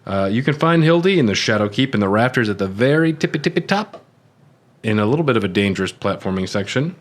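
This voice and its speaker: A man's voice: fairly low pitch, fast talker. A man co-hosting a casual gaming podcast, reading item descriptions and then riffing loosely, with the odd curse. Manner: relaxed, reads item text then riffs with swearing. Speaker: podcast co-host.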